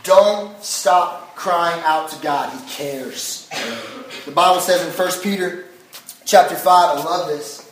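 High-voiced young preacher in echoey hall. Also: male voice, a little slow, fairly bright tone, recorded from a distance, a little hiss or hum. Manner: casual, chatty preaching with many fillers. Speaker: pastor. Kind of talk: sermon.

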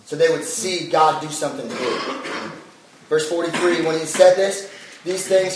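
Young man, casual youth sermon, high voice, far from mic, booming echo. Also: moderate pace, noisy background. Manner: animated storytelling with filler words. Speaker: youth pastor. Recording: echoey hall, voice from a distance.

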